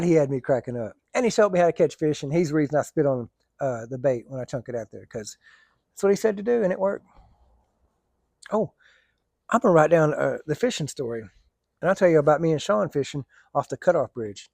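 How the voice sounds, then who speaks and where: Man, rambling casual storyteller, gravelly, dry close sound. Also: a little high, animated, fairly quick, no room sound. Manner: rambling, colloquial, laughs often. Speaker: vlogger.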